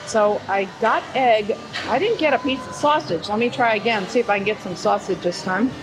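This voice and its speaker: A woman's voice: medium pitch, brisk, low-quality recording. Woman, food vlog host, enthusiastic, chatty, music underneath. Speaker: host of a cooking channel. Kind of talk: casual food vlog and narration.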